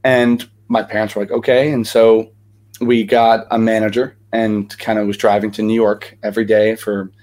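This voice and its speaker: A man's voice: fairly low pitch, level tone, normal speed, a little mellow. A young man, a guest actor, telling stories in a casual interview with lots of energy and many fillers.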